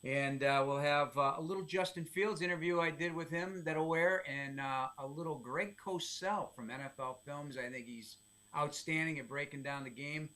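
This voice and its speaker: Man, middle-aged, sports announcer guest, fairly high, bright, lively storyteller. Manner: lively storyteller, quick asides. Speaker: football play-by-play announcer, guest. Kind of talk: casual interview chat.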